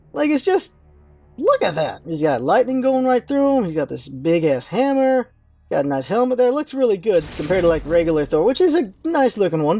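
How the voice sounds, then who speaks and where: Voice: mid-range voice, darkish tone. A gaming channel host giving rambling, offhand casual commentary while browsing game menus.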